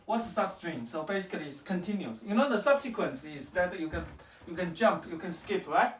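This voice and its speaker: A woman's voice: fairly low pitch, lively intonation, a little fast, slight background noise. A woman teaching programming to a child at home, patient and questioning, checking often that she is understood. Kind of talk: casual home coding lesson. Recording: echoey room, far from the mic.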